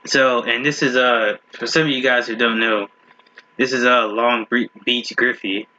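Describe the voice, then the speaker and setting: This video host has a bright, forceful mid-range voice with fairly even intonation at a moderate pace. He rambles through a casual reaction video, frequently restarting sentences and laughing at the clips, captured in a slightly muffled home recording.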